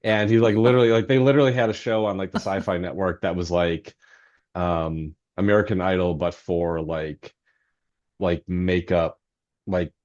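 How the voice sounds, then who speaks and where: Male interview guest, lowish voice, rambling and self-deprecating, many fillers, muffled lo-fi sound. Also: steady tone, normal speed, darkish tone. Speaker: novelist guest. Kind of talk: anecdotal storytelling in podcast interview.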